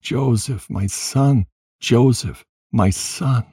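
A man's voice: deep voice, slow, darkish tone, husky, dry recording, studio quality, heavily acted. A man voicing a grieving old patriarch who laments his son in archaic speech. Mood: anguished.

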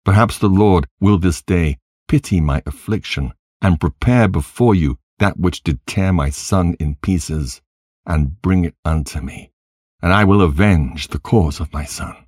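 Guy doing old grieving patriarch, deep husky voice, crying out for his son, old-timey wording. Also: a little slow, darkish tone, no echo, studio quality. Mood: grim command. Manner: lamenting, crying out in archaic speech.

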